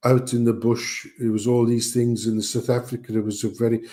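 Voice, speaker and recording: A man's voice: mid-range voice, level tone, a little fast, dark tone. A middle-aged man, telling rambling family anecdotes in casual chat, joking and swearing as he goes.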